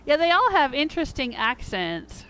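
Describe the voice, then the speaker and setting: A middle-aged American woman chatting casually on a game livestream. She laughs often and jumps to a high pitch when she is surprised. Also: sing-song, moderate pace, a bit bright. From United States. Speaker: game streamer.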